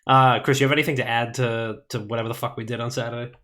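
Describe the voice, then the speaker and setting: A podcast host, male, with a bright, forceful voice. He tells a rambling story in loose chat and swears freely. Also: mid-range voice, little pitch movement, quick pace.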